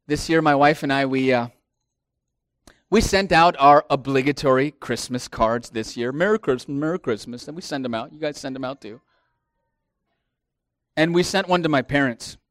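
A middle-aged man preaching a sermon as pastor, swelling into emphatic lines and then dropping to hushed asides. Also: mid-range voice, moderate pace, pauses often, dry recording.

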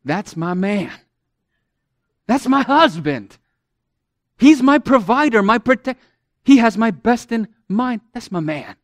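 A man's voice: sits high, expressive, a little slow, no room sound, studio quality. A man giving voice to a devoted ancient wife murmuring praise. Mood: admiring. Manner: fond, affirming, murmured under the breath.

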